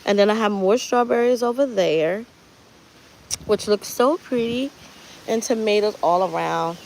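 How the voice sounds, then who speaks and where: A woman's voice: mid-range voice, a little slow, gravelly, darkish tone, a little hiss or hum. A woman hosting a casual live tour of her home garden outdoors, talking in a chatty, heartfelt way about prayer and gratitude while she walks with her phone. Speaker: gardening channel host.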